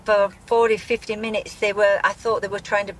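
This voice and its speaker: A middle-aged woman giving a live news interview as a grieving mother, speaking in a halting, shaken way with many restarts. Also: medium pitch, flat delivery, a little hiss or hum, low-quality recording.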